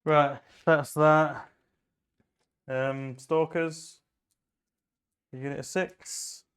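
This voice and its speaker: A man's voice: on the high side, steady tone, drawn-out words, a bit bright. A man playing a tabletop wargame, thinking aloud as he moves models, measures ranges and rolls dice in casual play commentary.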